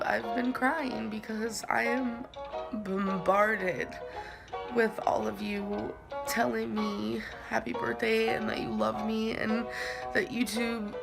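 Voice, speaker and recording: A woman's voice: fairly high pitch, gravelly. A woman talking in an emotional, tearful, confessional vlog style. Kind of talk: casual vlog talk.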